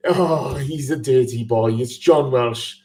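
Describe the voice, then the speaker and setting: A man's voice: medium pitch, takes it slowly, darkish tone. A man hosting a casual live football podcast, laughing often and reading out listener messages. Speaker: podcast host.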